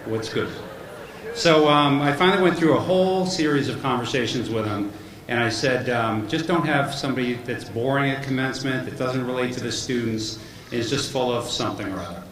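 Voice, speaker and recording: A man's voice: mid-range voice, brisk, fairly bright tone. A middle-aged man giving a commencement speech, telling jokey, self-deprecating family stories at a podium mic. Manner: joking storyteller, self-deprecating. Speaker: commencement speaker. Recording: echoey hall with background noise.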